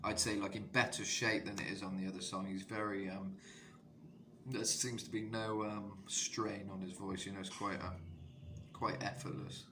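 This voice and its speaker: A man's voice: lowish voice, moderate pace. Rambling male vocal coach, noisy room. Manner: rambling, filler-heavy, bursts into sung demos. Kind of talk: casual vocal analysis lesson. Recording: steady background noise.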